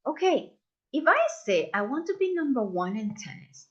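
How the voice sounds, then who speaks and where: A woman leading a live masterclass, talking warmly to her audience and acting out the voices people use on themselves. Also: on the high side, moderate pace, dull audio. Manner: expressive, acts out inner voices, addresses audience as "you guys". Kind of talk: live online masterclass talk.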